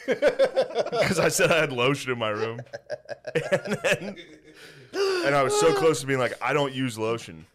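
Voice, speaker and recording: A comedian co-hosting a podcast, telling family stories in casual chat and laughing through them. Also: male voice, a little high, sing-song, unhurried, long pauses, a crowd in the background.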